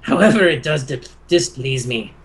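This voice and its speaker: A man voicing a weary, contemptuous ancient dragon with a harsh, booming voice. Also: expressive, normal speed, a crowd in the background, natural voice.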